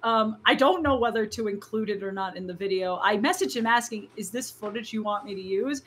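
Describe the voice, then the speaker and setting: A young woman guest on a podcast, telling jokey made-up stories with a deadpan delivery over a remote call. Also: mid-range voice, fairly quick, a little hiss or hum. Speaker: podcast guest, video editor. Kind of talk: casual podcast chat.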